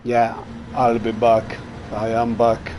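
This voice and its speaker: A man's voice: medium pitch, takes it slowly. A man streaming a racing game live, chatting and muttering reactions to his own driving. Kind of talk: live gameplay commentary. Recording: steady background noise.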